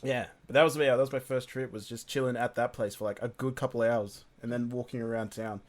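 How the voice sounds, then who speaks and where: A man's voice: mid-range voice, steady tone, quick pace. Young man telling rambling stories. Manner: rambling storyteller, laughs often. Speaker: podcast co-host. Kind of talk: casual chat.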